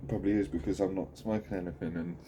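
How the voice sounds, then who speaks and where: A man speaking candidly in a video diary, halting and full of swearing, sitting at home. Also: low voice, fairly even intonation, noisy background. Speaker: channel host.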